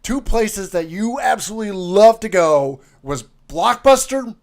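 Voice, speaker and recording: A man's voice: high voice, animated, unhurried, darkish tone. Rambling, jokey male podcast co-host. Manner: rambling, jokey, with many fillers. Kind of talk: casual comedic chat.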